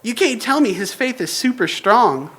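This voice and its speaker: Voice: mid-range voice, animated, moderate pace, a bit bright. A young adult preacher giving a casual sermon with a slangy, joking delivery. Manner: informal and joking, slangy asides. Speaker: church preacher.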